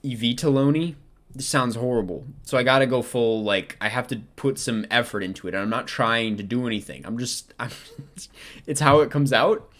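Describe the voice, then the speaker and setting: A man's voice: medium pitch, brisk, fairly bright tone. A young man talking casually to camera, rambling and second-guessing himself with many ums while he ranks films. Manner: rambling, self-questioning, frequent ums. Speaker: film vlogger ranking movies. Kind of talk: casual chat.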